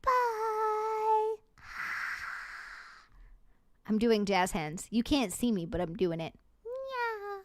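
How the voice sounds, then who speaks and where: A woman's voice: mid-range voice, background noise. A woman from Hawaii, a live streamer, chatting casually late at night, effusive and playful, rattling off thanks to her viewers. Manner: effusive, rapid shout-outs and playful asides.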